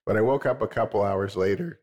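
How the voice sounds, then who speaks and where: Low-voiced man telling a story. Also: a little mellow. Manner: halting restarts, chuckling while telling. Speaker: inventor guest. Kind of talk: storytelling in a TV interview.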